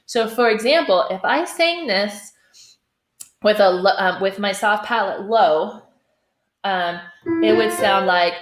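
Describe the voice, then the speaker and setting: A woman teaching singing in a slow, deliberate way, often pausing to ask "okay?" and sometimes singing short phrases as examples. Her voice carries a noticeable room echo. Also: mid-range voice, faint music behind. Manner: demonstrates sung phrases, checks in with "okay?". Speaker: choir teacher. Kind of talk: singing lesson. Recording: echoey room.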